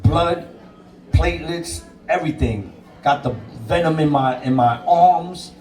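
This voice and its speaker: Dj guy telling it straight and cursing, mellow voice, sounds off mic in an echoey room. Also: a little high, a little slow, far from the mic. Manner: blunt, emphatic, swears freely. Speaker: DJ and interview guest. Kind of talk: candid personal storytelling. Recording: roomy sound, away from the mic.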